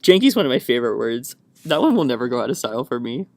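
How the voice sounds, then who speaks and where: A man's voice: medium pitch, sing-song, fast, creaky, dry recording. A young man from the American South rambles on a solo podcast, chatty and hyper on a caffeine buzz. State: wired on caffeine. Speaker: podcast host.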